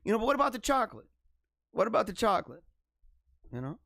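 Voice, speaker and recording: High-voiced man rambling on a livestream. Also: big pitch swings, quick pace, vocal fry, a bit bright, no room sound, studio quality. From United States. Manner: rambling, joking, chuckles often. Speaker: livestream host. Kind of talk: casual commentary reading news.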